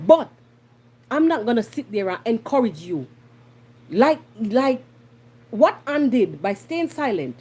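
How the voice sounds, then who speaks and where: A Jamaican woman hosting a podcast, giving blunt, animated commentary and slipping into patois. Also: fairly high pitch, husky. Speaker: podcast host. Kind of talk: casual commentary monologue.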